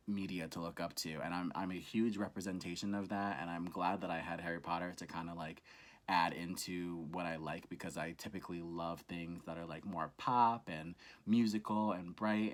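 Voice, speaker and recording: A young man hosting a reaction vlog, talking casually to the camera in an enthusiastic, rambling way with lots of fillers. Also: deep voice. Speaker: reaction channel host.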